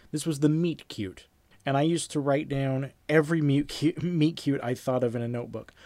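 A man teaching a class, reading film anecdotes aloud in a lively storytelling manner and acting out little sound effects. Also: mid-range voice, no room sound. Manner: animated storyteller, acts out sound effects, repeats himself. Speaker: screenwriting teacher.

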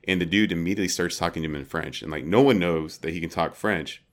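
Low-voiced man in rambling podcast chat. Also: fast. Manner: rambling, many filler likes. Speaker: podcast co-host. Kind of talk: casual chat.

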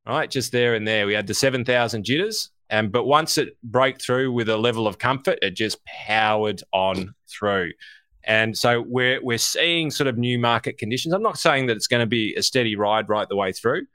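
A man co-hosting a podcast, giving animated, casual market commentary, swearing freely and speaking straight to listeners. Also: medium pitch, normal speed, no room sound, studio quality. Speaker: co-host.

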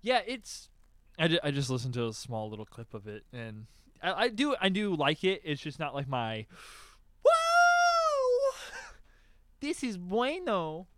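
A young man chatting casually on a podcast, telling a story and acting out his own excited reactions. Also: medium pitch, normal speed. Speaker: podcast co-host. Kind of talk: casual chat, album reaction.

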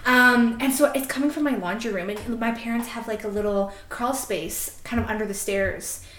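A woman on a podcast telling a story in a casual, animated way, swearing freely and laughing often. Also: on the high side, normal speed, echoey room, a little hiss or hum. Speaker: podcast host.

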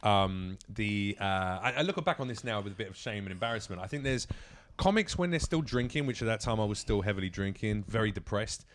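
British guy on a podcast, kinda low voice, bounces up and down a lot when he talks, jumps into little character bits. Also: brisk, a little hiss or hum. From England. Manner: animated, slips into put-on voices for bits. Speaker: comedian guest. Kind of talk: casual podcast chat.

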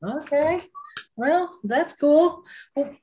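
A woman's voice: high voice, lively intonation, very slow, a little mellow, lo-fi sound. A woman, co-hosting a casual chat in a chatty, self-deprecating way. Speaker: co-host.

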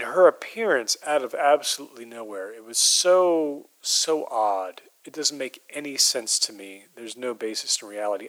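A man telling an eerie personal story in a measured, halting way, sometimes dropping his voice to a hush. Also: medium pitch. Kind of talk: casual storytelling.

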